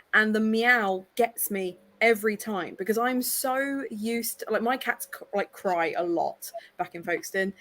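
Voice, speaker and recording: A woman's voice: mid-range voice, a bit bright. English woman, co-host, playful storyteller on a video call. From England. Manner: chatty storyteller, playful teasing. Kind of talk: casual chat.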